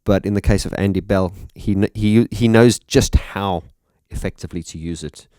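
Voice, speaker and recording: A man's voice: low-pitched, moderate pace, smooth, dry recording, studio quality. A man analysing a song as a music teacher, talking thoughtfully and with enthusiasm. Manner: thoughtful, warm enthusiasm, sings short demonstration phrases.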